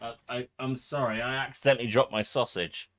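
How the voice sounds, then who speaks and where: A man's voice: medium pitch, steady tone, brisk, a bit bright. A man streaming a game, jokey and rambling. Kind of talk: casual gameplay commentary.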